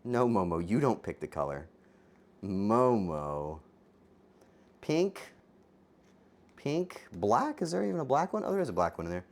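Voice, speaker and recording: Animated, teasing male streamer. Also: fairly low pitch, unhurried, pauses often. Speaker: streamer, cooking show host. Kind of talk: live stream chat.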